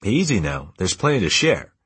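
A man reading an audiobook, voicing an eager grown son who calls out excitedly, his voice lifted well above his own. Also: low voice, slightly rough, no room sound, exaggerated voice. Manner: excited, calls out, quick exclamations.

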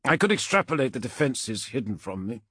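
A man voicing a towering armored male warlord, cold and calculating, with a measured, growling delivery in an audiobook. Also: mid-range voice, sing-song, bright, forceful tone, slightly rough, no echo, studio quality, pitched above the performer's own voice, heavily acted.

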